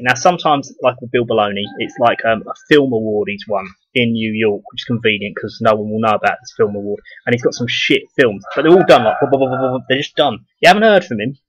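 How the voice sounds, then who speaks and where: A man's voice: mid-range voice, fairly bright tone, slightly rough, dry recording, rough recording. A man blogging to camera in a blunt, profane, scornful rant. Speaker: video blogger. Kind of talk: casual ranting monologue to camera.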